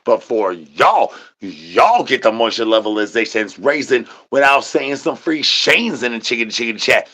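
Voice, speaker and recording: A man's voice: medium pitch, lively intonation, moderate pace, bright, forceful tone, slightly rough. A man livestreaming, rambling nonsense to his chat in a sing-song patter, repeating rhyming filler syllables and catchphrases.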